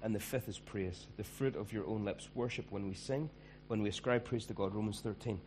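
A man's voice: fairly low pitch, fairly quick, few pauses, a little mellow, slight background noise. A man preaching a sermon as pastor, conversational and emphatic.

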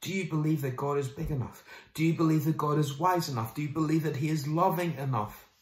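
A male pastor delivering a sermon, lively and conversational, sometimes mimicking people in quick asides. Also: a little high, echoey room.

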